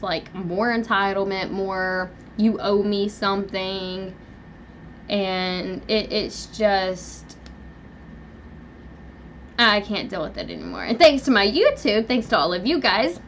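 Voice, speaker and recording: A young woman hosting a live stream from home, rambling through an animated personal story with lots of fillers. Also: mid-range voice, slight background noise. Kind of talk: casual venting live chat. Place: at home, indoors.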